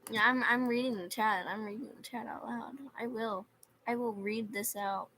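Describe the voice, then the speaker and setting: Young woman, livestream storytelling, sarcastic, reads chat aloud, bright tone. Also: fairly high pitch, fairly even intonation, moderate pace, slight background noise, poor audio.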